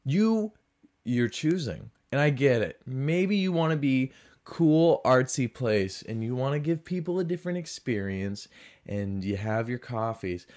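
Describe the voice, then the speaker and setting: Animated man ranting on his podcast. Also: mid-range voice, measured pace. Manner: animated, swings between loud and muttered asides. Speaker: podcast host. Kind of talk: casual solo rant.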